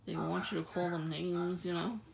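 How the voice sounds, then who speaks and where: A low, gravelly woman's voice runs through a loose, rambling monologue, breaking into laughter again and again. Crowd noise murmurs behind her. It sounds like a casual recording made outdoors at night. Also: level tone, normal speed, poor audio. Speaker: vlogger.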